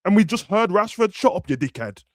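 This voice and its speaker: A young man talks football on a live podcast, slangy and animated, acting out players in raised voices. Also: high voice, brisk, no echo, clean studio sound. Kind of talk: casual football chat.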